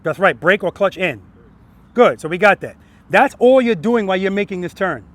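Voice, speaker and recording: A man's voice: sits high, lively intonation, moderate pace. A man teaching a group of riders outdoors as their riding instructor, questioning the group and ending points with "right?". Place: outdoor practice lot.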